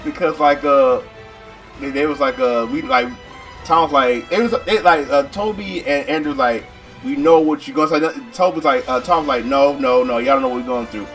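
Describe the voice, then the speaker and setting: A man chatting casually about a movie with his co-host, halting and repeating himself as he retells scenes. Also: a little high, a bit bright, faint music behind. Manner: halting, repeats words, lots of fillers. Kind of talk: casual movie recap chat.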